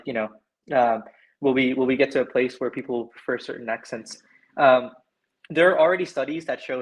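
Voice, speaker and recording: A man's voice: medium pitch, rough recording. A man from Canada speaking as a panelist in an online discussion, explaining at length and often checking in with "right?". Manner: explanatory, frequent "right?" tags. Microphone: video call.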